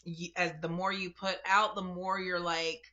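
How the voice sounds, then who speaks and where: A woman's voice: fairly low pitch, little pitch movement, normal speed, bright, forceful tone, dull audio. A young woman giving a casual spiritual reading to camera, chatty and emotional, talking straight to her viewers. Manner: chatty and emotional, addresses viewers directly, laughs and gasps. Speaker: spiritual reader.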